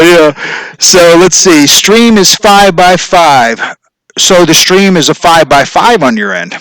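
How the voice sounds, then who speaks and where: A man's voice: mid-range voice, a bit bright, no echo, low-quality recording. A man hosting a casual live stream from his showroom, rambling along and telling corny jokes. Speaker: host of a live stream show.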